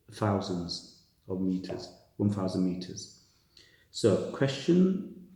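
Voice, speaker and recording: A man talks through a maths lesson, reasoning aloud and stressing key words as he goes. His voice sits low and gravelly, with a mellow tone. The sound rings around a very echoey room. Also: a little hiss or hum. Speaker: tutor.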